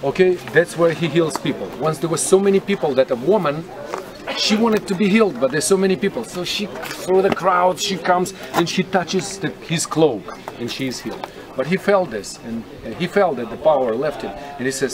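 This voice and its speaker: Leading a group through a historic site outdoors, this tour guide speaks in a higher, animated voice at a moderate pace. His talk is casual and he quizzes his listeners as he explains, while the outdoor recording picks up crowd chatter.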